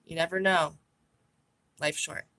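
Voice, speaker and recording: A woman's voice: low voice, steady tone, measured pace, bright, forceful tone. A woman vlogging a true crime monologue, blunt and profane, with a scornful, opinionated way of talking.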